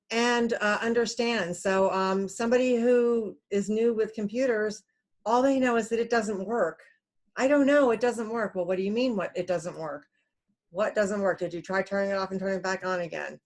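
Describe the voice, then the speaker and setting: A woman giving a recorded computer science lecture, her voice sitting at an ordinary middle pitch. She talks in a loose, chatty way with plenty of fillers, now and then acting out a stressed caller in a quick aside. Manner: relaxed, conversational, many fillers; acts out callers in quoted asides.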